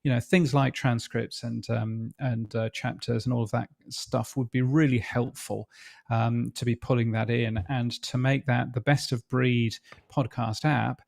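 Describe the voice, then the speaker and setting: A middle-aged man from Britain, talking casually as a guest with lots of hesitant fillers. His voice has a gravelly, creaky edge, and the sound is dry and close with no room echo. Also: medium pitch, little pitch movement, measured pace, a little mellow. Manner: hesitant, many fillers and restarts. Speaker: podcast industry guest. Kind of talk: casual interview chat.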